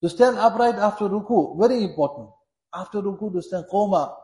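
A man's voice: high voice, animated, brisk, warm tone. A man preaching a sermon, speaking earnestly and repeating his points to press them home. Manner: earnest, repetitive, exhorting. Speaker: Islamic preacher. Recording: echoey room.

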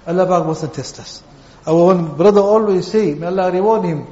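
A man's voice: high voice, moderate pace, a little mellow. A man preaching a sermon, telling stories and repeating phrases for emphasis. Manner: storytelling with repeated phrases and acted quotes. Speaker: Islamic preacher. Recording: dull echoey hall.

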